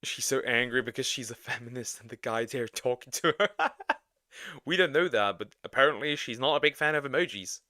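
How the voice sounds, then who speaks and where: A man's voice: medium pitch, expressive, a little fast, sharp tone, no room sound, clean studio sound. A man chatting casually as co-host of a reaction stream, rambling with stumbling restarts. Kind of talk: casual chat.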